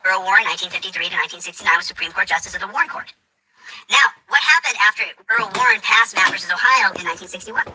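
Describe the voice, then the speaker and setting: A man's voice: high-pitched, pushed and bright, breathy edge, low-quality recording. A man ranting emphatically in a video commentary, repeating himself to drive his points home. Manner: fast, repetitive, emphatic ranting.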